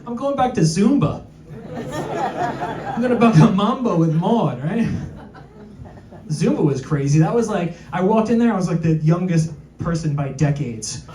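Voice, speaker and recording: A male stand-up comedian doing a self-deprecating set, tossing quick asides to the crowd. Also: sits high, lively intonation, dark tone. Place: comedy club with live audience. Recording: echoey club, distant mic, crowd noise.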